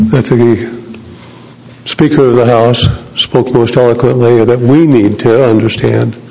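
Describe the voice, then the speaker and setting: A man, a state legislator, making a formal floor speech in a legislative chamber, measured and deliberate, pausing and restarting as he goes. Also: mid-range voice, a little mellow. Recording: dull audio with long chamber reverb.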